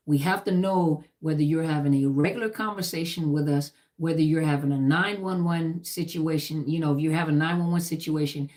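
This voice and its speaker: A woman's voice: low-pitched, darkish tone. A middle-aged woman who served in the army, teaching about trauma in an emphatic, repetitive lecture style full of lists and "you know".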